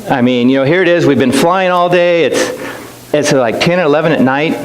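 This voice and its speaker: A man's voice: fairly high pitch, normal speed. A middle-aged man speaking as a guest missionary, telling stories to a church in a chatty, self-deprecating way with lots of restarts. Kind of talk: storytelling church talk. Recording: echoey church hall with faint hiss.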